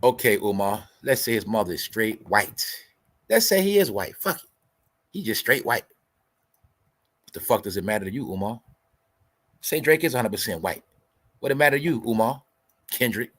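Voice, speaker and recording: A man's voice: lowish voice, sing-song, moderate pace, long pauses, fairly bright tone. A man hosting a commentary show, ranting in a profane, combative, lecturing way and repeating his points for emphasis. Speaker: host. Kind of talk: commentary rant.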